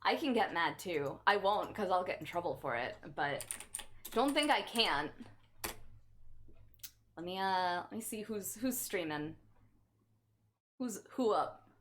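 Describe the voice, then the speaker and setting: A woman's voice: fairly low pitch, lively intonation, a little slow, pauses often, fairly bright tone. A woman livestreamer chatting casually with her chat in a playful, teasing, mock-offended way.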